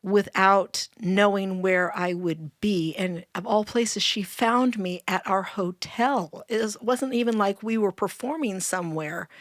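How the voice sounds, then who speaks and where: A middle-aged woman telling her story in a casual chat, earnest and warm, laughing often. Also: medium pitch, unhurried, hardly any pauses, dry recording, clean studio sound. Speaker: storyteller guest.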